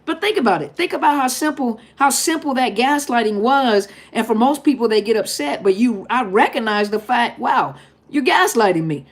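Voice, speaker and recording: A woman's voice: fairly high pitch, lively intonation, moderate pace. A middle-aged woman, a therapist hosting a live Q&A, talking casually and emphatically and repeating her points straight to viewers. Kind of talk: casual live-stream talk.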